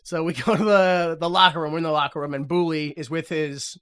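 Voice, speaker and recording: Podcast co-host, male, bright edgy voice; loose comedic recap with lots of voices and laughter. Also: a little high, fairly even intonation, clear, resonant tone. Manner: acts out characters in quick voices, laughs often, swears.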